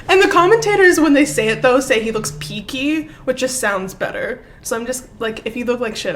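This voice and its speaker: A woman co-hosting a podcast in relaxed, joking casual chat. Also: a little high, a little fast. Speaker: podcast co-host.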